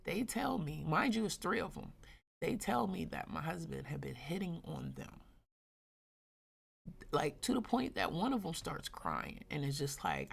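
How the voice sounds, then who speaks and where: A woman's voice: lowish voice, unhurried, gravelly. A woman in her forties hosting a live stream, telling a personal story in a candid, slang-heavy, blunt way and talking straight to her listeners. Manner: animated, addresses listeners directly. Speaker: host.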